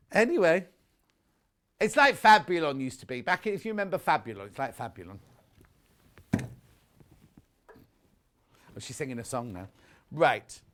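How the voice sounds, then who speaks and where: His fairly high, slightly bright voice carries a middle-aged British man's chatty, gossipy live selling on a shopping channel. He reads viewer messages and wanders into rambling asides between products.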